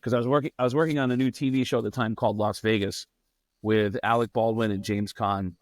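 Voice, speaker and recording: A middle-aged man, a comedian guest on a podcast, telling a long casual anecdote in a profane, animated way and acting out what other people said. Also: lowish voice, fast, no echo, studio quality.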